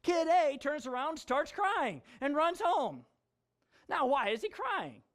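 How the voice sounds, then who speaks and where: Man, pastor, high voice, conversational sermon, jokey asides. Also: very animated, takes it slowly, a bit bright. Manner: chatty, jokey asides with laughter.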